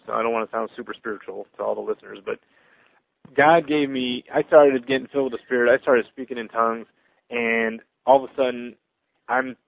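A man's voice: mid-range voice, gravelly, dry recording, lo-fi sound. A man on a podcast giving an earnest personal testimony, stumbling and restarting his words with many fillers. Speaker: podcast guest sharing testimony.

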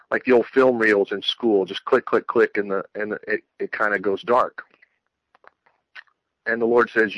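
A man's voice: fairly low pitch, pushed and bright, no echo, rough recording. A man earnestly telling a long personal religious testimony, rambling with many restarts. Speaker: Christian speaker sharing testimony.

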